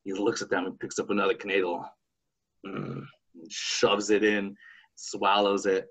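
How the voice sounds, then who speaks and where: A man hosting a podcast, chatting casually and telling a folk story in an animated, halting way. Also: on the low side, husky. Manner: animated, halting, with many restarts. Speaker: podcast host.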